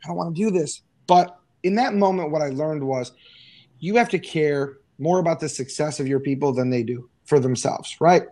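A middle-aged man talking casually as an interview guest, telling energetic stories with frequent fillers and restarts. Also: fairly high pitch, moderate pace, no echo. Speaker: guest, business owner.

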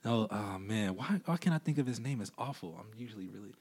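Man, very low voice, relaxed rambling guest, casual interview talk. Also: fast talker, a crowd in the background. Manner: laid-back, rambling with many fillers. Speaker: podcast guest.

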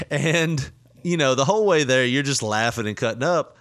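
A man's voice: medium pitch, lively intonation, moderate pace, a bit bright. A middle-aged man hosting a casual chat, telling a long story with frequent laughter and quoted lines. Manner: laughing often, retelling with quoted voices.

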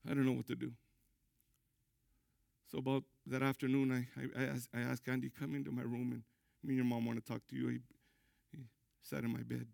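A middle-aged man, a pastor preaching a sermon, emphatic, with sudden loud high bursts. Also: level tone, brisk, vocal fry, pauses often, no room sound, studio quality.

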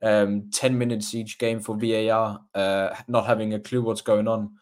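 A man co-hosting a football podcast, speaking hesitantly with many pauses and ums. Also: fairly low pitch, flat delivery, a little mellow. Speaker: podcast co-host. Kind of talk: casual chat.

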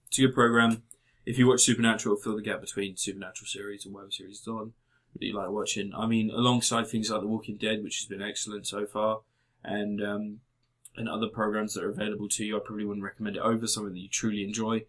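A man's voice: on the low side, little pitch movement, fast talker, hardly any pauses, a bit bright. A man in casual, sweary chat, giving blunt opinions on TV series.

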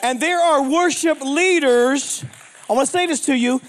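A man with a notably high voice delivers a lively, humorous sermon. He jokes with the congregation and keeps firing questions at them. He sounds like a seasoned minister in his fifties. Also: moderate pace. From Pittsburgh, United States. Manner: energetic, joking, asks the crowd questions. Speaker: traveling minister.

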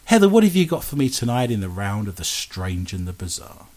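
A man's voice: mid-range voice, sing-song, brisk, a little mellow. A man hosting a radio show, trading cheeky, bawdy jokes with his co-host and laughing at his own lines. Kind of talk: bawdy comic banter.

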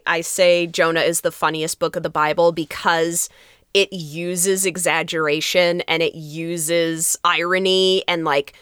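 A woman pastor co-hosting a podcast, chatting in an animated way, laughing easily and acting out quotes. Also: lowish voice, clean tone, no echo, clean studio sound. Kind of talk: casual chat.

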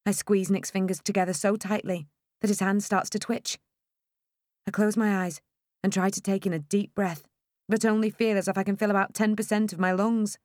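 A woman narrating a first-person audiobook in a wry, expressive storytelling manner. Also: medium pitch, normal speed, pauses often, no echo, clean studio sound.

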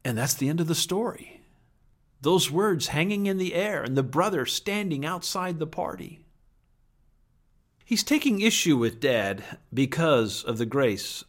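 A man preaching a sermon in an earnest, emphatic way, with dramatic pauses and some words dropped almost to a whisper. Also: fairly high pitch. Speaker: pastor.

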